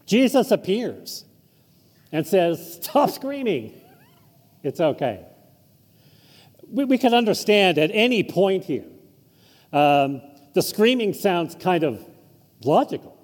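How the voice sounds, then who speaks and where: Lively, high-voiced pastor preaching in a reverberant church. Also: male voice, slow, long pauses. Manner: informal, chuckling asides, animated intonation. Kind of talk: conversational sermon. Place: church sanctuary.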